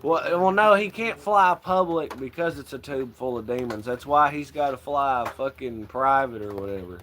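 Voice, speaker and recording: A man's voice: mid-range voice, moderate pace, few pauses, fairly bright tone, a little hiss or hum. A man hosting a casual livestream, rambling and swearing freely and laughing often. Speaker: livestream host.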